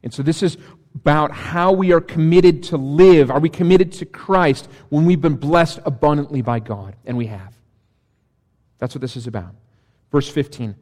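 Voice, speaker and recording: A man's voice: on the high side, moderate pace, darkish tone. A male pastor preaching a sermon, reading scripture and dropping dry, sarcastic asides. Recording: long reverb of a large hall.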